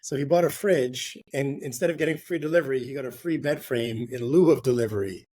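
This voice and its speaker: A man's voice: medium pitch, fairly quick, warm tone. A middle-aged man, a real estate agent, telling a casual story in an interview, rambling with lots of fillers, swearing now and then, and tagging "right?" onto his sentences.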